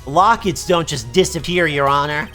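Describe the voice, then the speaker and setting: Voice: mid-range voice, moderate pace, fairly bright tone, soft background music, close to an everyday voice. A player reading aloud as an earnest young defense attorney from a video game.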